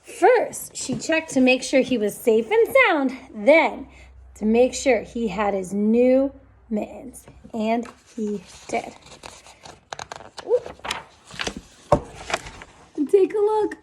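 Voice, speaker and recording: Animated woman reading aloud to kids. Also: a little high, slow, slightly rough. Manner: expressive and animated, with sound effects. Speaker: storytime reader. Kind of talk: children's read-aloud.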